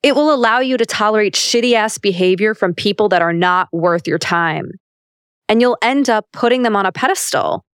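A woman's voice: medium pitch, moderate pace, clear, resonant tone, no room sound, studio quality. A young woman hosting a motivational self-help podcast, talking candidly and emphatically and swearing freely. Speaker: podcast host.

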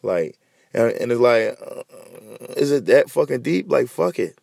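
A man's voice: mid-range voice, big pitch swings, a little slow, creaky, mellow, no echo, studio quality. A man hosting a podcast in a heated, profane, repetitive rant. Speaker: podcast host.

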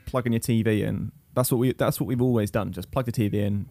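Playful English podcast co-host. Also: male voice, fairly low pitch, steady tone, fast, mellow, no echo, soft background music. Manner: playful, asks questions, laughs easily. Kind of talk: casual chat.

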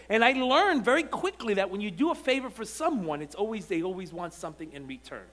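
A man preaching from the pulpit with a notably high voice for a man. He shifts between relaxed storytelling, full of restarts, and fervent emphatic lines. The delivery is that of a church pastor. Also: quick pace, hardly any pauses. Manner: animated preaching, rising to emphatic repeated lines; conversational storytelling with frequent restarts. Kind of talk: sermon. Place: church sanctuary.

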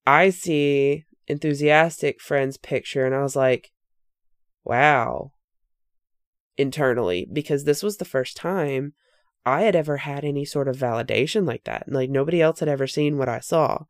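Podcast host telling a spooky story, earnest and reflective, dry close sound, mid pitch. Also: normal speed, no room sound. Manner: earnest, reflective, with frequent fillers and self-corrections.

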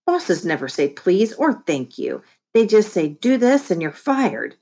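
A woman's voice: medium pitch, big pitch swings, measured pace, warm tone, slightly rough, voice pushed up, full character voice. A woman voicing a bossy young boy. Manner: bossy, bratty, emphatic.

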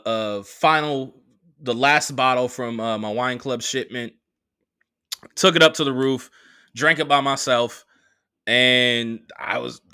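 A young man hosting a podcast, telling a story in a casual, profane, animated way and acting out the quotes. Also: on the high side, no room sound, studio quality. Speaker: podcast host.

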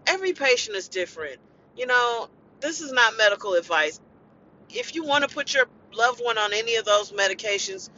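A woman's voice: medium pitch, bright, forceful tone, slight background noise. A woman caregiver talking in a blunt, emotional monologue, venting with profanity as a podcast host. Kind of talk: impassioned personal monologue. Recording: dull lo-fi recording.

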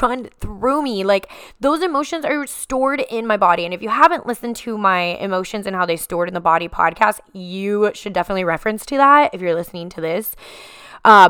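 A woman's voice: mid-range voice, bright, forceful tone, clean tone, no echo, studio quality. A woman hosting a podcast, telling a personal healing story in an emphatic, repetitive way and addressing listeners as guys. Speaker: podcast host.

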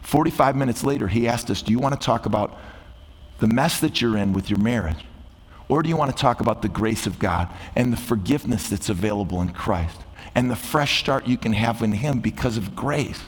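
A middle-aged man delivering a sermon from the pulpit of a church. He builds up loud and high to stress his points, then falls back to a slow, quiet refrain. The sound carries a long reverb from the sanctuary around him. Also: lively intonation, husky. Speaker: guest preacher.

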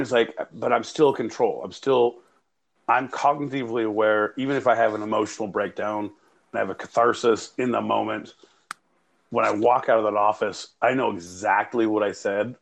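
A man's voice: on the low side, fairly even intonation, normal speed, vocal fry. A man co-hosting a podcast in casual, profane banter, rambling and joking with frequent laughter. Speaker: podcast co-host. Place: home studio, recorded remotely via live app.

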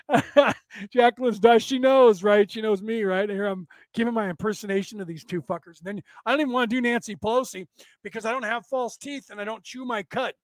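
A man's voice: high-pitched, a little fast, dry recording. A man hosting a rambling, profane comedic rant from his desk. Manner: profane, rambling, laughing at his own jokes. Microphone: desk setup.

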